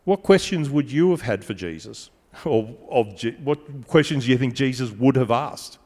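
A man preaching a sermon, measured and emphatic, slowing down on key phrases and adding dry asides. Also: mid-range voice, animated, darkish tone. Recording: long reverb of a large hall.

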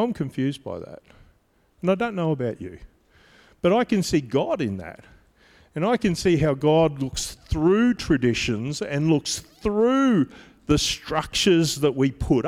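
A man's voice: fairly high pitch, a little mellow, in a large hall. A middle-aged man preaching a sermon, telling stories in a conversational way with humorous asides. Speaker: pastor.

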